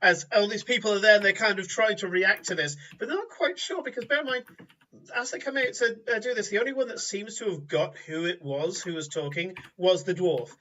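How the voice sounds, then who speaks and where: Bright-voiced man running a tabletop game. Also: high-pitched, fairly quick, far from the mic, muffled recording, a little hiss or hum. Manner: chatty, laughing, restarts while describing. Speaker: game master.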